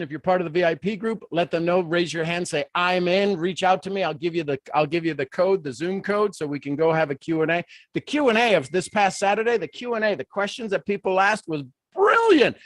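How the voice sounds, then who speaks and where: A middle-aged man leads a live motivational stream, swinging from hushed, intense lines to bursts of excitement. His voice sits on the high side for a man. The sound is close and dry, with no room around it. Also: no echo. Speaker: motivational speaker hosting a livestream. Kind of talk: live motivational talk to an online audience.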